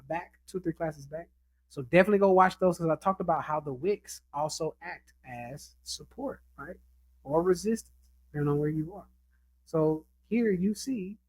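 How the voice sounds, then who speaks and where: A man's voice: fairly high pitch, a little hiss or hum, rough recording. A man giving a casual screen-share trading lesson as its instructor, chatting and often checking in with his listeners. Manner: chatty, keeps asking "right?".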